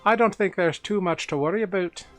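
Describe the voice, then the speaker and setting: A woman's voice: on the low side, fairly quick, faint music behind, voice pushed up, natural voice. A man voicing a big, easygoing half-orc woman bouncer in a folksy put-on accent that keeps slipping. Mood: reassuring.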